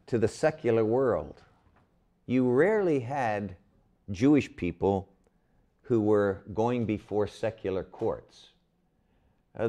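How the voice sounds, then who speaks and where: A man's voice: medium pitch, a little mellow. An older man teaching a Bible class, asking his listeners questions and leaning hard on key words.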